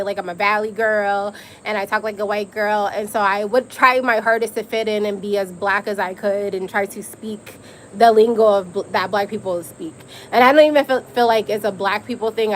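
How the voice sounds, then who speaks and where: A woman's voice: mid-range voice, a little hiss or hum, poor audio. Candid, emphatic woman chatting live. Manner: candid, storytelling, emphatic with frequent slang and profanity. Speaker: host. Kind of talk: casual live-stream chat.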